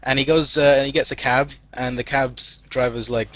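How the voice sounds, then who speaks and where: A man's voice: mid-range voice, steady tone, moderate pace, fairly bright tone, low-quality recording. A man telling a long joke to friends, rambling with fillers and restarts.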